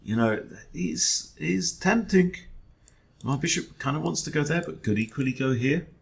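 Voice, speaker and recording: Gravelly man thinking aloud. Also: fairly high pitch, lively intonation, moderate pace. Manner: wry, self-deprecating, muttering to himself. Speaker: chess coach. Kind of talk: thinking aloud during an online chess game.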